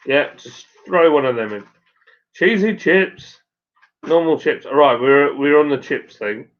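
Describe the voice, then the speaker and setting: A man with a broad Suffolk accent, hosting a relaxed live stream at home and reading out viewer comments in a rambling, matey way with plenty of fillers. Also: a little high, unhurried. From Suffolk, England. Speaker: stream host and brewer. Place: at home by the fire. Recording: dull lo-fi sound.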